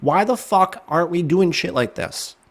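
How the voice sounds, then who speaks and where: A man's voice: sits high, normal speed. A middle-aged man co-hosting a casual show over a video call, blunt and sarcastic, swearing freely. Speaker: co-host. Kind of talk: casual banter.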